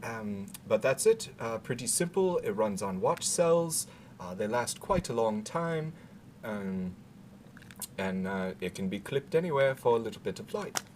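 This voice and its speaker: Low-voiced man in a put-on British accent. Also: expressive, darkish tone, a little hiss or hum. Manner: halting, filler-heavy rambling with dry asides. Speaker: gear demonstrator. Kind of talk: casual gear walkthrough.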